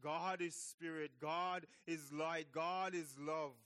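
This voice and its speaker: Slow, emphatic man preaching. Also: on the high side, steady tone, fairly bright tone, clean tone. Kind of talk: sermon.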